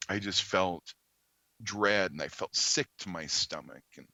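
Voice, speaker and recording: A man, a podcast guest, earnestly telling a story in conversation, halting with many ums and restarts. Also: deep voice, pushed and bright, no room sound, muffled recording.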